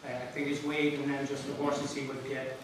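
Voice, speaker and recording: At a memorial service, a former jockey delivers a eulogy full of anecdotes, his mid-range voice holding a level tone as he rambles, halts, and laughs through his stories. The recording comes from a noisy, echoey hall with the mic placed far away.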